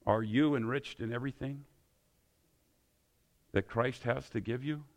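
A man preaches to his congregation. He leans on emphatic, repeated questions. His voice sits at a middle pitch with a gravelly, crackling edge. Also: measured pace. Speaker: pastor. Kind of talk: sermon.

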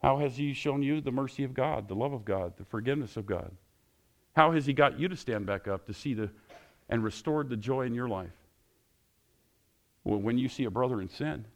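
A male pastor preaching with passion, closing his sermon in prayer and getting louder and higher when excited. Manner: passionate, rising loud and high when excited.

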